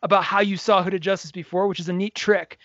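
A man co-hosting a casual podcast chat, animated, often acting out scenes in quoted voices. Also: high voice, fast, no room sound, highs cut off. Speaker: podcast co-host.

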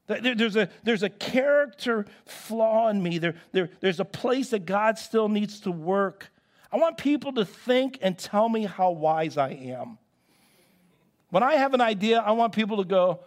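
A man preaching to his church congregation in a fairly high voice. He tells stories and acts out what people said, often restarting his sentences as he goes. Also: animated, unhurried. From United States. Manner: storytelling with acted-out quotes and repeated restarts. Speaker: pastor. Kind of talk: sermon.

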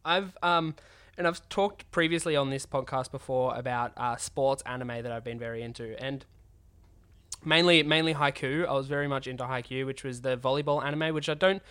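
A man hosting a podcast while sick with a cold, his voice raspy from a sore throat, talking eagerly in casual chat. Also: mid-range voice, moderate pace, pushed and bright. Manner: enthusiastic, gushing. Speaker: podcast host.

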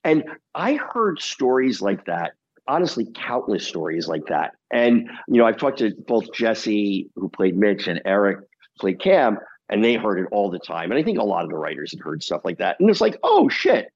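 A man, a TV comedy producer, talking as a guest in a casual interview, telling lively stories, laughing often and swearing casually. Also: lowish voice, moderate pace, muffled recording.

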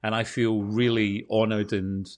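A Scottish man from Scotland with a Scottish accent, a TV presenter telling animated anecdotes in a casual interview. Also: fairly low pitch, unhurried. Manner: animated anecdotes, quotes others. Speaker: TV and radio presenter, guest.

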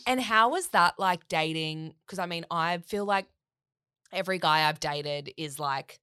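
A woman's voice: on the low side, measured pace, clear, resonant tone, no room sound, studio quality. A woman hosting a casual podcast, asking questions and murmuring along. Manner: casual, soft murmured agreement, asks questions. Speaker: podcast host. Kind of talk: casual interview chat.

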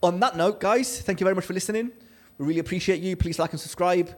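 An animated man tells a story on a podcast in casual chat, acting out each quote. His voice sits a little high and keeps moving. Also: fast. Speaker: podcast co-host.

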